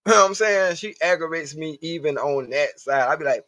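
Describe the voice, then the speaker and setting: A man's voice: fairly high pitch, lively intonation, brisk, hardly any pauses, bright, forceful tone, dry recording. Profane man rambling on a stream. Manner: profane, rambling, talks to chat. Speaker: live stream host. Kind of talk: casual livestream monologue. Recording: dull, dry lo-fi stream audio.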